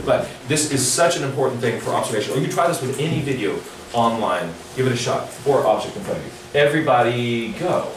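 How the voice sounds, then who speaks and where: A man's voice: mid-range voice, noisy background. Chatty man lecturing in an echoey hall. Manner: chatty, animated, playful with the audience. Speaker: drawing workshop instructor. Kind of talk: live workshop lecture. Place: large echoey lecture room. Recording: echoey hall recording from far off.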